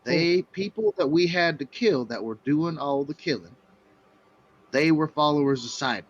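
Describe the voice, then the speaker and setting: A man at a tabletop game urges and persuades in character. His slightly high voice comes through a dull, lo-fi microphone. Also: lively intonation, normal speed. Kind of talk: in-character role-play. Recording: dull lo-fi mic.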